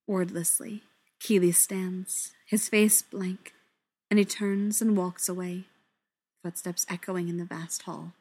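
A woman narrating a story in a soft voice that often drops to a whisper. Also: lowish voice, steady tone, takes it slowly, husky. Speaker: story reader.

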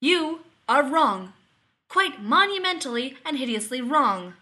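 A woman voicing an indignant, sharp-tongued male scientist who talks loftily and splutters. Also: high-pitched, very animated, moderate pace, pitched above the performer's own voice, heavily acted. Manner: lofty and spluttering.

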